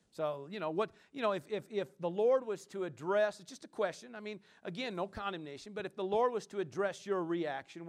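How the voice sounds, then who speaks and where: A male pastor preaching a conversational sermon, often checking in with his listeners. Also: high-pitched.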